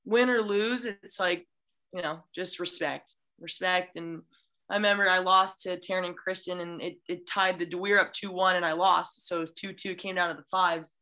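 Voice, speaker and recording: A woman's voice: fairly low pitch, steady tone, normal speed, sharp tone. A young woman, a college beach volleyball player, chatting as a podcast guest in a gushing, enthusiastic way with many restarts. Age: young adult. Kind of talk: casual chat.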